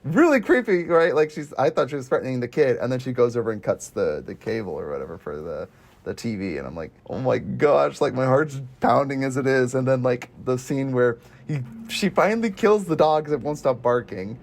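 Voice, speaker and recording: A man hosting a casual podcast movie chat, animated and acting out scenes in quick voices. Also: mid-range voice. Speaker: podcast host.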